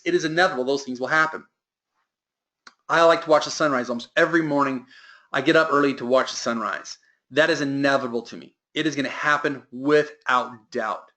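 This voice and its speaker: A man's voice: on the high side, pushed and bright. A man giving a motivational sales training talk to a team, with emphatic delivery that lifts and drops.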